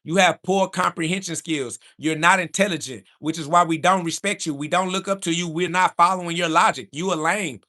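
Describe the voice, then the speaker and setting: Aave-speaking guy on a livestream, high-pitched, preachy and insulting, repeats himself a lot. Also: brisk, hardly any pauses. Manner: rises to shouting when heated. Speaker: livestream host answering chat. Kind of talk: combative livestream monologue.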